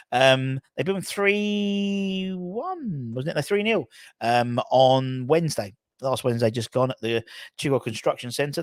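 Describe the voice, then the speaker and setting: A man's voice: medium pitch, no room sound, clean studio sound. A man hosting a football channel, giving casual, rambling commentary full of self-corrections.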